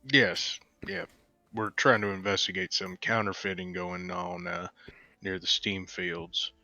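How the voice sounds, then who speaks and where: A man with a very low, gravelly voice, speaking hesitantly as a player. His tone is bright and lively in pitch. The sound is dull and dry, with faint music underneath. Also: unhurried, dry recording. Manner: hesitant, modest.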